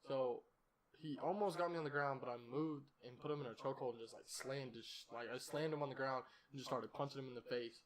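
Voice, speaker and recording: A man's voice: mid-range voice, steady tone, fast, crowd noise. A young man hosting a podcast, telling a story in a rambling, profane, casual way and laughing at himself. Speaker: podcast host.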